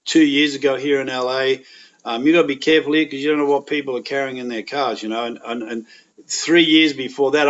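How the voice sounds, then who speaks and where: An Australian man speaking as a podcast guest, telling frank, plain-spoken anecdotes in a candid, conversational way. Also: mid-range voice. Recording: dull lo-fi audio.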